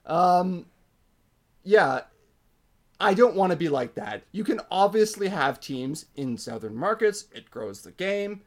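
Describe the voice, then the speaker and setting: This man co-hosts a podcast and chats casually about hockey in a high, slow voice. He's opinionated and animated, leaning heavily on filler words.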